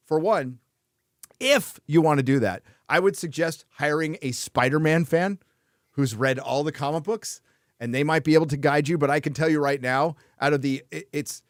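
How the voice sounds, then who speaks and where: A man's voice: on the high side, no room sound, studio quality. A man hosting a casual chat show, blunt and frequently swearing, laughing between remarks. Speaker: host.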